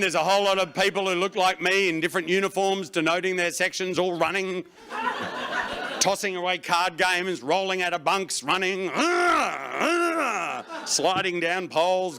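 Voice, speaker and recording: A middle-aged man performing a stand-up comedy routine on stage, breaking into loud shouted bursts. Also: sits high. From Australia. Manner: swings into loud shouted bursts for acted panic. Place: stage before a laughing audience.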